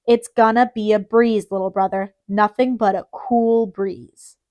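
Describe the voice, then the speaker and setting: A woman's voice: medium pitch, fairly even intonation, measured pace, a little mellow, dry recording, lo-fi sound, close to an everyday voice. A woman voicing a coaxing big-brother hustler. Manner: coaxing, reassuring. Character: reassuring older brother, a smooth-talking hustler.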